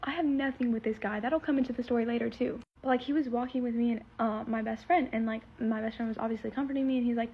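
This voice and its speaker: A woman's voice: on the high side, fairly even intonation, fast, hardly any pauses, a little hiss or hum. A teenage girl telling a story in a casual vlog, rambling and full of fillers as she retells something emotional. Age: teens. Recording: slightly muffled lo-fi recording.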